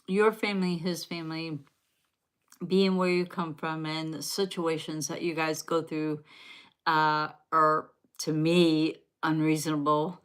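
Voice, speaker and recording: Southern woman, live tarot reader, low and slow, chatty and meandering. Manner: rambling, chatty, talks directly to viewers. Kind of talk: live-stream tarot reading.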